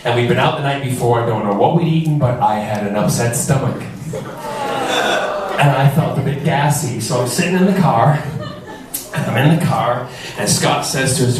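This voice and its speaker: At a fan convention panel, a man with an animated, mid-range voice tells funny stories at normal speed in a camp, playful, theatrical way. The large hall is echoey, the mic distant, and the crowd loud.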